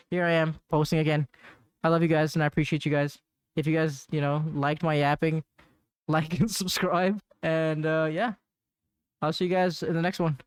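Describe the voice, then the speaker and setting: A man's voice: a little high, smooth, dry recording, studio quality. A man hosting a casual solo podcast, rambling with lots of fillers and restarts, slangy, and laughing at awkward moments. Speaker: podcast host.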